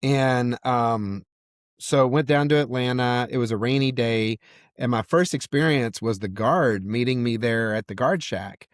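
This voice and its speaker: A man's voice: medium pitch, a little slow, no echo, studio quality. A man from Georgia, a podcast guest, telling a casual story with lots of fillers. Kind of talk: storytelling in a conversation.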